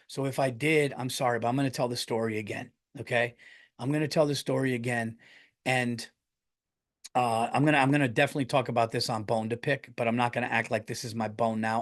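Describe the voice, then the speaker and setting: A middle-aged American man hosting his podcast, telling a rambling story in casual talk, swearing often and restarting his sentences. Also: mid-range voice. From United States. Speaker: podcast host and comedian.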